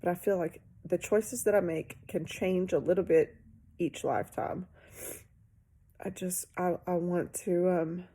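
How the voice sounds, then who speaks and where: A woman in her forties giving an emotional spiritual testimony, slow and halting, sighing, with phrases trailing into whispers. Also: lowish voice, mellow, husky. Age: 40s.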